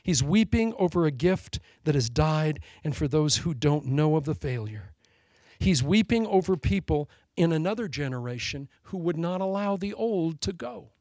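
A man preaching a sermon as pastor, telling a story with animated delivery and laughing at his own jokes. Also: on the high side, normal speed, no room sound, clean studio sound.

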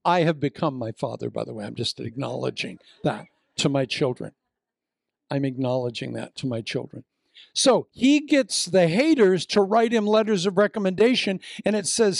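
An older man from Iowa preaching a sermon, telling the story with lively acted-out voices and asides. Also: fairly high pitch, gravelly, no room sound, clean studio sound. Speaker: pastor.

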